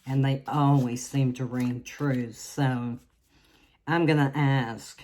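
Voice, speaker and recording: Woman, tarot reading, very unhurried, halting speech, restarts often. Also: extremely low pitch, fairly even intonation, a little mellow. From Southern United States. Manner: slow, halting, with many restarts. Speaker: tarot reader. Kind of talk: slow tarot reading to camera.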